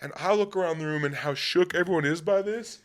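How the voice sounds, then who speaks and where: Animated young man telling stories. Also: on the high side, brisk. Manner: animated, breaks into laughter while telling stories. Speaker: podcast host. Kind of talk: casual storytelling chat.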